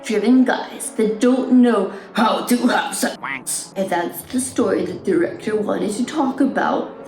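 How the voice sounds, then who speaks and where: A woman's voice: medium pitch, darkish tone. A young woman reviewing movies, ranting sarcastically about reviews she reads aloud. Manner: sarcastic, laughing, exasperated. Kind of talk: ranting commentary reading reviews. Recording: echoey room with faint music.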